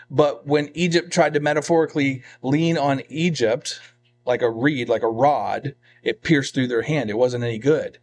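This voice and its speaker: A man, a pastor, teaching a verse-by-verse sermon in a conversational way, reading scripture and then explaining it with asides and rhetorical questions. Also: mid-range voice. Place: church.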